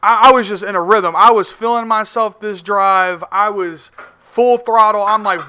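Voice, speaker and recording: High, bright-voiced man in profane game commentary. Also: normal speed, clean tone. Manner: profane, competitive, excitable, repeats words when restarting. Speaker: gamer commentating his own match. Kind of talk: casual gameplay commentary voice-over.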